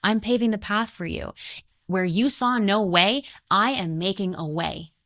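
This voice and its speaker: A patient, reassuring God, voiced by a young woman in her own everyday voice, speaks calmly and slowly in a spiritual talk. The pitch sits in a middle range. The recording is dry, with no room sound. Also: no room sound.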